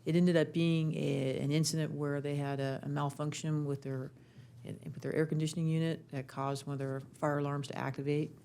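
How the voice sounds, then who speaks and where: A council member speaks in a chatty, personal way, with a gravelly edge and little rise and fall. Faint noise sits behind the voice. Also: medium pitch, level tone, moderate pace, dark tone. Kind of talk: council meeting remarks.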